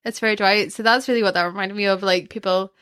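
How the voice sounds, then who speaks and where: A lively woman who gives her opinions freely in a casual chat and laughs along the way. The voice is recorded close and dry, with no room sound. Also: mid-range voice, quick pace, no echo.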